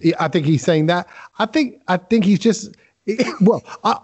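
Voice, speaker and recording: A man's voice: high-pitched, a little mellow, breathy edge. A man co-hosting a podcast, cracking jokes and teasing his co-host. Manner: jokey, quick interjections and teasing. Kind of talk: comedic casual chat.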